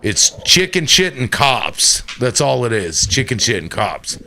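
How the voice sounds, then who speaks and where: A man's voice: mid-range voice, big pitch swings, a little slow, sharp tone, a little hiss or hum. A man co-hosting a podcast, chatting casually and telling a story with loose, profane energy. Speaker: podcast co-host. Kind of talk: casual chat.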